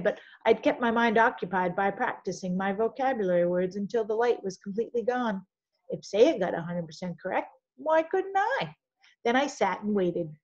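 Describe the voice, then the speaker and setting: A woman reading a children's novel aloud in an expressive storytelling manner. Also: mid-range voice, dull audio. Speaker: audiobook reader.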